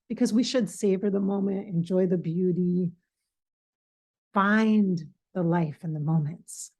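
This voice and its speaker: A woman with a slightly raspy, hoarse voice, chatting casually and emotionally to her viewers, laughing at herself and rambling. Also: on the low side, measured pace, a little mellow. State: a bit hoarse. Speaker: spiritual channel host. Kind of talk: casual vlog talk to viewers.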